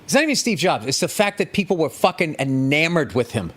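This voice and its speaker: Profane ranting man, slightly high voice. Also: big pitch swings, a little fast, a bit bright. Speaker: podcast host. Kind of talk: comedic rant monologue.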